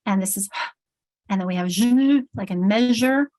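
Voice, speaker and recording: A woman's voice: mid-range voice, normal speed, a little mellow. A woman trainer leading an online teacher workshop, explaining and sounding out vowel sounds over a video call. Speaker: literacy trainer.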